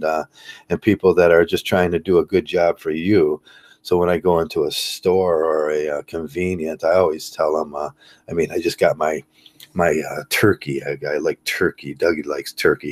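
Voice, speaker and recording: A man talking casually to camera in a rambling, halting way, full of fillers and restarts. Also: deep voice, a little mellow. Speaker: channel host.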